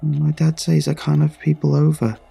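A man's voice: monotone, moderate pace, creaky, mellow, breathy edge, exaggerated voice. A man voicing a frightened young boy who is home alone and pleading through a locked door. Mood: nervous pleading. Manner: pleading, high and strained.

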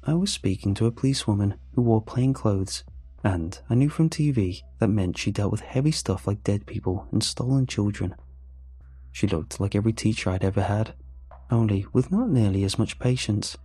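Man, first-person horror narration, measured storytelling, low voice, dark mellow tone. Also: breathy edge, no echo.

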